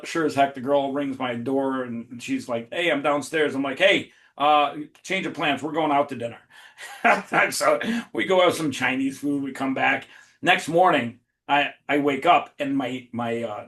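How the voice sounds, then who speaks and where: A man in a casual podcast chat, telling a long funny story in an animated way, swearing freely and laughing as he goes. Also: mid-range voice, normal speed. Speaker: podcast guest.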